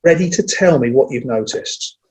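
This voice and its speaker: A man who trains people in presenting, talking in a lively conversational way and acting out what an audience says. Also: medium pitch, rough recording. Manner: energetic, acts out audience lines, speeds up and slows down on purpose. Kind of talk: casual conversational interview.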